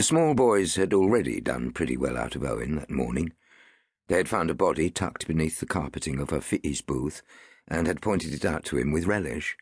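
A man narrating an audiobook in an expressive, wide-ranging storytelling manner. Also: extremely low pitch, moderate pace, breathy edge, dry recording, clean studio sound. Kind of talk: scripted narration.

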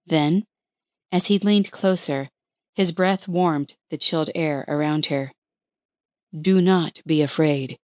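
A woman narrating an audiobook with a measured, expressive reading. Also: low-pitched, dry recording, studio quality. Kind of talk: scripted narration of a historical romance.

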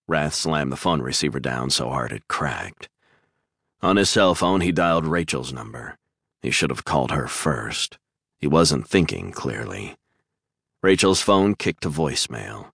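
Male audiobook narrator, low voice, dry close studio sound. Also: lively intonation, a little slow, a bit bright, dry recording. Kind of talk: scripted thriller narration.

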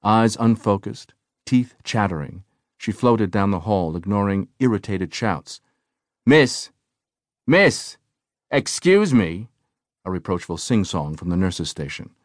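A man narrating an audiobook in a measured, even manner. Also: sits low, no echo, clean studio sound. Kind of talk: scripted narration.

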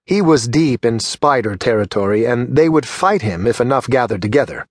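A man reads a fantasy novel aloud in a measured, steady way, his voice sitting in an ordinary middle pitch. The recording is dry and close, with no room sound. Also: no room sound. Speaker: audiobook narrator. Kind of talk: scripted narration.

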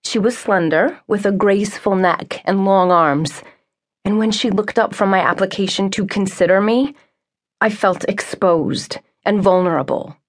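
Woman narrating a romance audiobook. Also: fairly low pitch. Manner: clear, steady storytelling. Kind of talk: scripted first-person narration.

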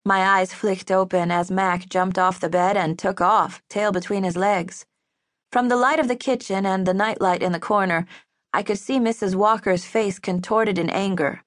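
A woman's voice: mid-range voice, normal speed, dry recording. Woman narrating an audiobook, dry studio. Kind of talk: scripted first-person narration. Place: studio booth. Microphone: studio microphone.

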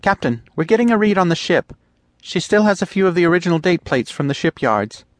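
A man voicing a young female fox-like lieutenant who gives quick, clipped military reports in an audiobook. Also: lowish voice, lively intonation, no room sound, pitched above the performer's own voice, natural voice. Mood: brisk.

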